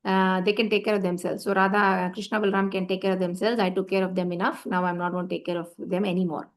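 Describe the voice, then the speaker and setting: A very old holy man, stubborn and bitter, speaking in a steady reproachful tone, as a woman storyteller puts him on. His pitch sits in the middle of a typical woman's range. The voice stays close to her plain speaking voice. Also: fast talker, natural voice. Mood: resolute. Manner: reproachful, complaining.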